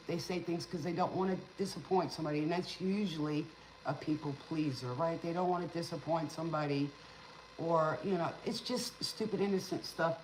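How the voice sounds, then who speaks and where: A tarot reader and spiritual teacher talking casually on a livestream in a rambling, teacherly way, with sarcastic asides and an occasional stutter. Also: medium pitch. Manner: stutters sometimes. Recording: roomy with faint background noise.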